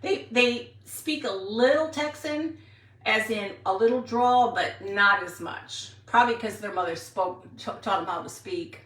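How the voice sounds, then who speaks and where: A woman's voice: medium pitch, measured pace, a bit bright. A woman in her sixties from Wisconsin, chatting casually and rambling as she hosts a craft livestream and answers viewers. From Wisconsin, USA. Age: 60s. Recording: roomy, mic at a distance.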